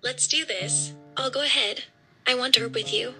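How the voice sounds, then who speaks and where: A synthetic woman's voice giving flat, oddly literal chatbot replies. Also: high voice, normal speed, faint music behind. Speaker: AI chatbot companion.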